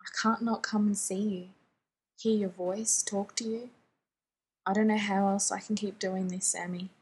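A woman reading the part of a grieving young man who pleads softly and apologetically to his younger brother in a fan fiction reading. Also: medium pitch, level tone, measured pace, husky. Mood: pleading.

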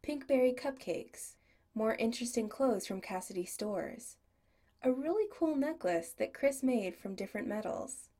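A woman's voice: on the high side, lively intonation, unhurried, warm tone. A woman narrating a story as an audiobook reader, giving each character a voice. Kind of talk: audiobook reading.

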